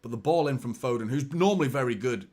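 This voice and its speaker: A man's voice: medium pitch, fast talker, a little mellow. A man hosting a live football watchalong, giving exasperated, sweary fan commentary.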